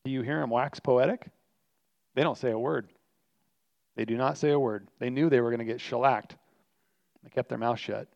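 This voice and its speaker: A man's voice: medium pitch, normal speed, gravelly, pauses often, darkish tone, dry recording. A man preaching a sermon as pastor, earnest and emphatic, repeating his key lines for weight. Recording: dry, slightly muffled recording.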